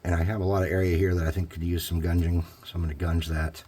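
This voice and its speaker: A man's voice: sits low, level tone, fast, mellow, slightly rough. A man talking casually through a painting tutorial, thinking aloud as he works. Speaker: hobby crafter.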